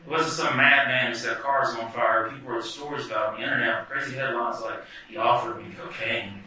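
A man performing a wry, animated first-person story live. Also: mid-range voice, fast, crowd noise. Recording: echoey hall from far off.

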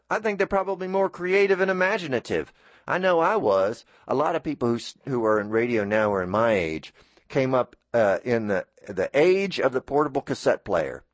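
A middle-aged man hosts a radio show in a loose, rambling monologue, jumping between tangents and acting out the people he quotes. His voice sits at an ordinary pitch for a man. The sound is close and dry, with no room around it. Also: dry recording. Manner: storytelling, puts on quoted voices. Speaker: radio host.

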